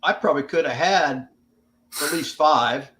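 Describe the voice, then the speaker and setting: His voice a little high and a bit bright, an older American veteran takes his time telling stories as a podcast interview guest. He talks casually and plainly, with some swearing.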